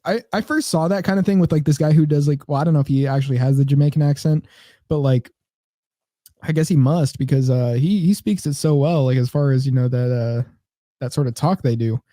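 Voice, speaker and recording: Young man, podcast co-host, mellow tone, fairly high voice, rambling casual chat. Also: brisk, no echo, clean studio sound. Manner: rambling storyteller, many fillers.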